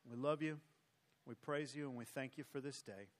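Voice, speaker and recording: A man's voice: medium pitch, steady tone, normal speed. A male pastor closing his sermon with emphatic, repetitive exhortation, then leading his church in prayer. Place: church sanctuary.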